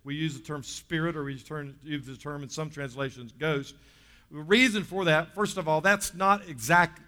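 Emphatic Southern preacher in a reverberant hall. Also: male voice, on the high side, fairly bright tone. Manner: emphatic, stretches key words, calls on the congregation. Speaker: pastor. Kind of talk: sermon.

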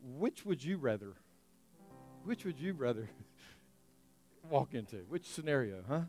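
A male pastor preaching a lively sermon, laughing often and acting out scenes for the congregation. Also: mid-range voice, a little slow, faint music behind. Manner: animated, laughing often, acting out an excited dog.

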